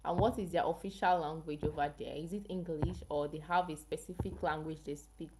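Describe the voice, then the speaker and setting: A woman's voice: low-pitched, steady tone, brisk, a little mellow, a little hiss or hum. Chatty African woman on a livestream. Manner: chatty, keeps asking viewers questions. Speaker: health channel livestream host. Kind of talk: casual livestream chat with viewers.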